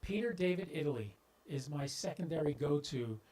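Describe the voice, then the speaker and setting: Folksy ham radio host with a clip-on mic. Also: male voice, on the high side, expressive, moderate pace, warm tone, poor audio. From southeastern US. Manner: folksy, talks directly to viewers, stumbles into jokes. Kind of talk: casual livestream talk. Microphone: clip-on microphone on shirt. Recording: popping and scratching from mic.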